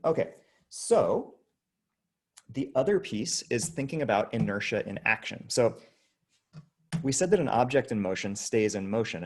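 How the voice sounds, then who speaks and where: A man teaching a casual online physics lesson, chatty and demonstrating with his body as he explains. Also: lowish voice. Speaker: high school physics teacher.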